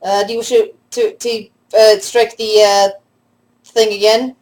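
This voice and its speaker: A woman narrating a tabletop role-play as game master, halting with frequent restarts. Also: a little high, little pitch movement, a little mellow, poor audio. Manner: halting, many restarts and fillers.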